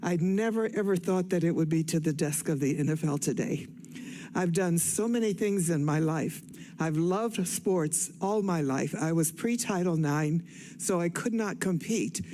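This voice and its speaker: An older woman from Cleveland, Ohio, out of breath and excited, telling her life story in a rambling, self-correcting way on stage. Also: lowish voice. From Cleveland, Ohio, USA. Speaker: guest speaker on stage. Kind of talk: personal storytelling speech.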